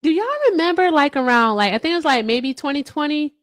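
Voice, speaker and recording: A woman hosts a casual livestream and talks straight to her viewers in the comments. Her pitch swings widely as she riffs, and she swears freely. Her voice sounds dry and close, with no room echo. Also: animated, fast. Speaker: livestream host.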